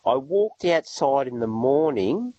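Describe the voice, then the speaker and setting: Animated male caller, laughs mid-sentence, dull phone sound. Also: mid-range voice, measured pace, no echo. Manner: giggly, animated storyteller.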